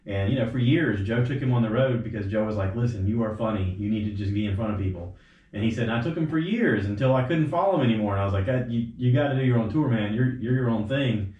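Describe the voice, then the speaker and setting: A man's voice: on the low side, fast. A man hosting a casual podcast, rambling through stories and acting out quotes with sudden jumps in his voice. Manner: rambling storyteller, quotes others with animated voice jumps. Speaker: podcast host. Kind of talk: casual chat. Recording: roomy, slightly dull home recording.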